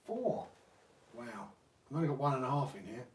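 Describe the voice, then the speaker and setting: A man's voice: mid-range voice, fast. A man hosting a live hobby stream, chatting casually to viewers while he works on a repair. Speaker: RC hobby channel host. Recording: roomy, distant mic.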